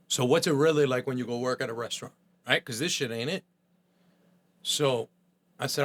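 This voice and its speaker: A man's voice: medium pitch, fairly even intonation, a little fast, sharp tone. A middle-aged man from New Jersey, a chef guest on a podcast, telling his story bluntly and with profanity, often acting out quoted voices.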